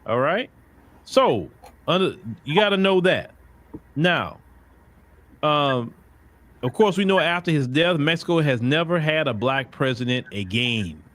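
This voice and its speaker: High-voiced man ranting on a stream. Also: lively intonation, a little slow, long pauses, a bit bright. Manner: emphatic, repetitive, rhetorical questions. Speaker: show host. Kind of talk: livestream commentary.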